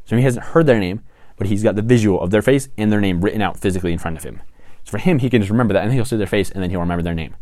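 A young man with a lowish voice talks through advice in a loose, rambling way. He corrects himself often and keeps checking in with the listener. The sound is dry and close. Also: darkish tone, no echo. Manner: rambling, self-correcting, frequent "right?" and "okay?" asides. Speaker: tips video presenter. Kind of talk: casual explainer monologue.

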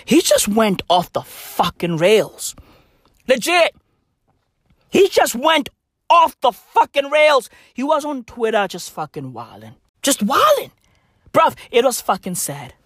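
A woman delivers a comedic rant in a fairly high, wildly lively voice, drawing words out slowly. Her talk is stuffed with slang and profanity, with "bro" and "bruv" at every turn. The sound is dry and close. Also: no echo. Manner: wildly swinging delivery, from shouts down to whispers.

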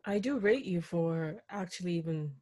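A woman's voice: fairly low pitch, moderate pace, mellow, a little hiss or hum. A woman co-hosting a podcast, speaking candidly and appreciatively to a guest. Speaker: podcast co-host. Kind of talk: casual podcast chat.

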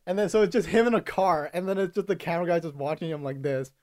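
A man's voice: high-pitched, fast talker, a little mellow, no echo. A young man co-hosting a podcast in casual chat, rambling, with lots of fillers and frequent laughs.

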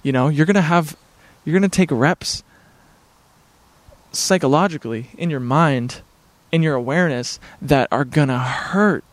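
This vlogger's voice sits on the high side and moves a little slowly, recorded with no echo. Talking to camera at home near his backyard, he rambles in an earnest, laid-back, spiritual way, using lots of filler words.

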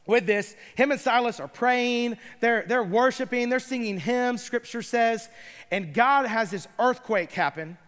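A man's voice: very high voice, clear, resonant tone, big-room sound. A middle-aged man preaching a sermon, retelling scripture stories with playful asides. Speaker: pastor.

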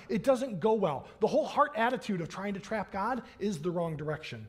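A man's voice: high-pitched, animated, normal speed. A man preaching a sermon as a pastor in a church, in a conversational way that keeps checking in with "right?" and acts out the voices he quotes.

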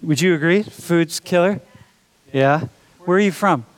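A man's voice: on the high side, unhurried. Joking man teaching a big class. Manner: joking, calls students dude and bro. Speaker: college instructor. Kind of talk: casual classroom banter. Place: lecture classroom.

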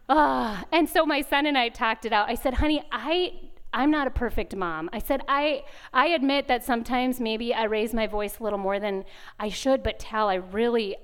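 A woman gives a conversational devotional talk at a retreat chapel, her voice high and strikingly clear. She tells stories with animation and candour, slipping into the voices of the people in them. Her delivery stays chatty and open rather than formal. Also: brisk. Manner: animated storytelling, acts out dialogue; laughs often, candid and confessional. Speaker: women's retreat speaker.

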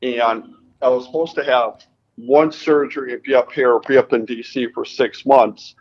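A man's voice: mid-range voice, normal speed, breathy edge, lo-fi sound. A man from Connecticut, a racing driver guest, telling his story in a casual interview and acting out the dialogue. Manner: animated retelling, acts out quoted dialogue.

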